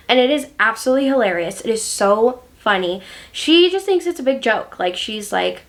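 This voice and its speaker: A woman's voice: on the high side, moderate pace, a bit bright. A woman chatting casually about books she loves, gushing and using many fillers. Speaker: book reviewer. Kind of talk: casual book review chat.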